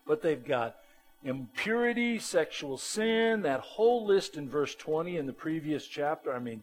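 A man preaching a sermon as a pastor, animated and emphatic, with a plain-spoken way of talking. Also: a little high, rough recording.

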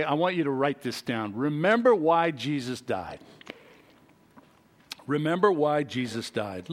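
A man preaching a sermon as pastor, emphatic and animated, acting out other people's voices and reading scripture aloud. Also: a little high.

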